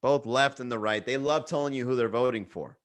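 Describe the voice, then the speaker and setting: A man's voice: medium pitch, brisk. A young man hosting a comedy livestream podcast, talking loosely in a swearing, bro-talk storytelling way. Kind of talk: casual livestream chat. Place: Miami.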